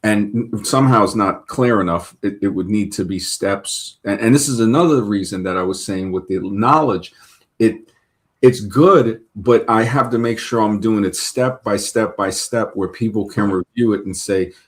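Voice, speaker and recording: Low-voiced New host, chatty and rambling, trips over his own words. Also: moderate pace. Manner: rambling with many restarts and stammered repeats. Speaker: show host. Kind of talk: casual talk-show conversation.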